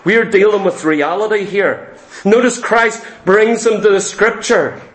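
High-voiced man preaching in an echoey church. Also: measured pace. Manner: emphatic, repetitive, quotes imagined complainers. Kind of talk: sermon. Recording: echoey room.

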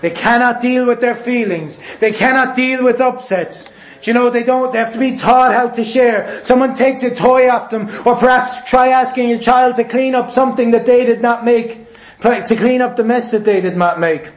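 A man preaching a sermon, forceful and repetitive, sometimes mimicking voices. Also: very high voice, steady tone, moderate pace. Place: church hall. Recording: echoey room.

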